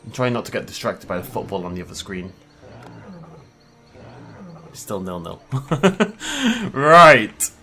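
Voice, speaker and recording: A man's voice: on the low side, huge pitch swings, unhurried, long pauses, slightly rough, faint music behind. A man giving casual gameplay commentary as a YouTuber, chatty and joking, laughing often. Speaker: gaming YouTuber.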